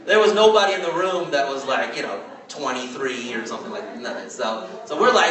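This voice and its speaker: A man from California in his forties, telling a story to a live audience at a training event in a chatty, animated way and asking "right?" again and again. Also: mid-range voice, brisk, hardly any pauses, crowd noise. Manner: chatty, animated, asks "right?" often, laughs as he talks. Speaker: network marketing trainer. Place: large hall with an audience. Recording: very echoey hall, mic far off.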